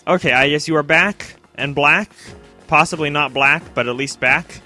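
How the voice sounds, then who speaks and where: A man's voice: fairly high pitch, moderate pace, sharp tone, faint music behind. A young man chatting casually over his gameplay in a self-mocking way, often talking straight to the game's characters. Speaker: let's play commentator.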